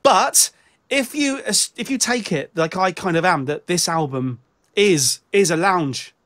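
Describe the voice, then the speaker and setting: Halting British man with a high voice. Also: animated, a bit bright. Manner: halting, restarts sentences often. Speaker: show host. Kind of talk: casual chat about music.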